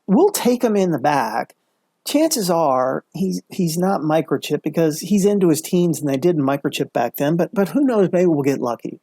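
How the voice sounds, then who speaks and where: A woman's voice: deep voice, expressive, moderate pace, warm tone, breathy edge, dry recording, clean studio sound, full character voice. A man voicing a kind female shelter worker who speaks effusively and gratefully, as part of a story he tells.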